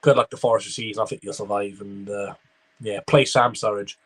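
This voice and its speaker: A man's voice: on the low side, steady tone, a little fast. A young man streaming a live football watchalong, giving running commentary and chatting with viewers. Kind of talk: live match reaction with chat replies.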